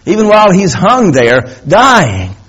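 Husky man preaching an impassioned sermon. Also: high-pitched, huge pitch swings, unhurried, fairly bright tone. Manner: impassioned storytelling, repeats key words for emphasis. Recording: dull lo-fi recording.

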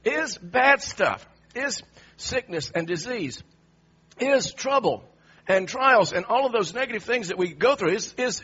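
A man preaching a sermon, emphatic and animated, repeatedly asking the audience pointed questions. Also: very high-pitched, slightly rough, lo-fi sound.

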